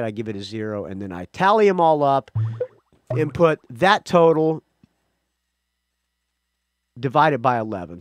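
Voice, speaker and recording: A man with a fairly high-pitched voice hosts his own music podcast, captured in studio quality without room sound. He rambles casually by himself, chatty and self-correcting, with frequent restarts and asides.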